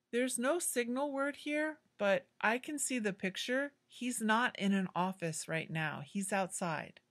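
Woman teacher going over english grammar, super slow and clear, patient. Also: medium pitch. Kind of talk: grammar lesson.

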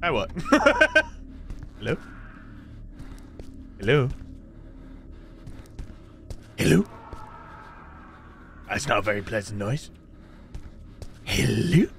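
A woman's voice: very deep voice, wildly swooping pitch, drawn-out words, creaky, long pauses, a bit bright, a little hiss or hum. A woman playing a horror game and commentating, jumpy and giggly, talking to herself. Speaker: game streamer. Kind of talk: let's-play commentary.

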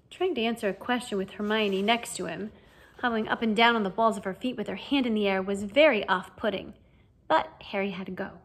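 A woman narrating a fan audiobook reading in an expressive storytelling manner. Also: medium pitch, a little fast.

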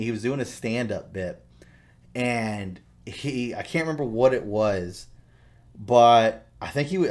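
Profane, animated male podcast host. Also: lowish voice. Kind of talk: casual chat.

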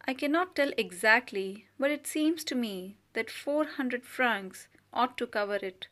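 Sulky young wife, vain and dissatisfied, storybook reading by a woman with a somewhat high voice. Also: animated, measured pace, fairly bright tone. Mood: plaintive. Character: discontented, vain young wife of modest means.

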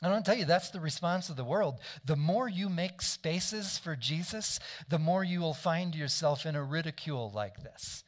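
A man's voice: on the high side, normal speed, hardly any pauses. A man preaching a sermon in a conversational way, often asking the congregation to agree and correcting himself as he goes. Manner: frequent restarts and self-corrections. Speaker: pastor.

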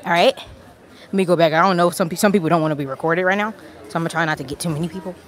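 A woman's voice: lowish voice, very fast. Breathless, chatty woman on a live stream. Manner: chatty, rambling, laughs often. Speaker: vlogger. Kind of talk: casual live-stream chat. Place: outdoor restaurant patio. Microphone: handheld phone. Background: crowd of people.

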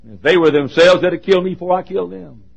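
A man preaching a sermon as a pastor, impassioned, joking now and then, dropping from shouts to near whispers. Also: sits high, fairly even intonation, rapid-fire, creaky, breathy edge, lo-fi sound. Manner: joking asides.

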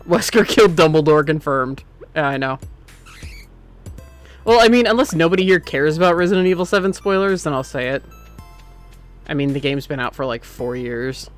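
A man streaming a game, chatting casually and opinionated, swinging between excited outbursts and muttering. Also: a little high, moderate pace, long pauses, soft background music. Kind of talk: casual gameplay commentary.

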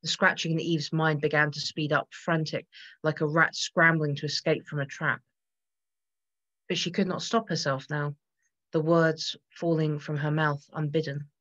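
A woman narrating a gothic horror story in a measured voice that builds tension. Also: deep voice, level tone, a bit bright, dull audio. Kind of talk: dramatic gothic story reading.

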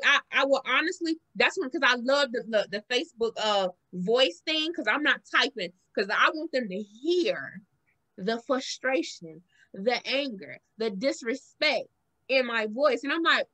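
A woman with a Southern accent hosts a casual podcast chat, telling stories with lively acted-out quotes. Her voice sits high and sounds bright and forward. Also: moderate pace. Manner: animated storytelling, acts out quotes with big pitch jumps. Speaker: podcast host.

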